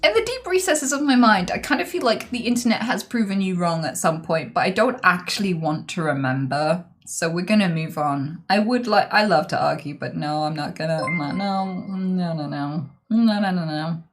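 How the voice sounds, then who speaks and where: A woman's voice: on the low side, lively intonation, brisk, hardly any pauses, soft background music. A woman streamer chatting casually and playfully on a live stream, laughing often.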